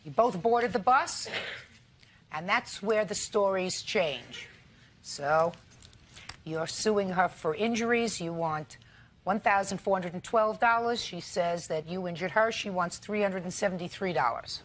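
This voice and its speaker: A woman's voice: fairly low pitch, a little slow. An older woman acting as a TV judge, scolding and sarcastic as she rules on a small-claims case. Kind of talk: courtroom TV ruling.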